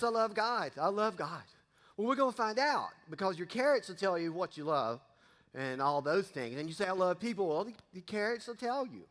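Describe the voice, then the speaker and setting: In a church sanctuary with lengthy hall reverb, a middle-aged man preaches a casual sermon. As pastor, he's folksy and joking with the congregation, speaking in a high-sitting, fairly bright voice.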